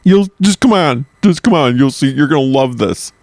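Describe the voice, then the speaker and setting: A man voicing an excited local man with a put-on Indian accent, urging travelers along in a comic impression during podcast banter. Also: no room sound, clean studio sound, lightly acted. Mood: eager, coaxing. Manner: high-pitched, eager, hurried coaxing.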